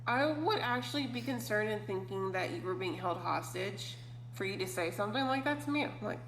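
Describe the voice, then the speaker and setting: A woman's voice: mid-range voice, lively intonation, fairly quick, a bit bright. A young adult woman chatting casually on a podcast, laughing often and filling her talk with "like" and "I mean.". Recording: roomy with faint hum.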